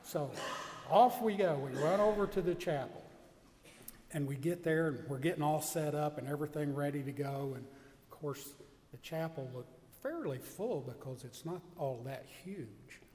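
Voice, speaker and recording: A man delivers a homily as a lively anecdote, acting out the other voices in quoted back-and-forth. His voice sits a little high. A long reverb from a large hall trails his words. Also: moderate pace. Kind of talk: storytelling homily.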